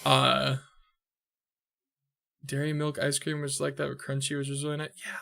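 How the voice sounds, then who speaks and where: Bright-voiced swearing game streamer. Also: male voice, medium pitch, completely flat delivery, moderate pace, gravelly. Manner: loose, swears a lot, jokey. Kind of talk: casual let's-play commentary with read-aloud game dialogue.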